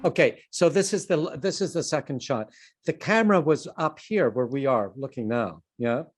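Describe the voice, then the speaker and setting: An older man from Canada talks through a filmmaking lecture on a video call. His voice sits at an everyday middle pitch. He wanders from point to point and pokes fun at himself along the way. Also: lively intonation, moderate pace. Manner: anecdotal, self-deprecating, digressive. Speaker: film producer and lecturer. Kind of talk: online conference talk.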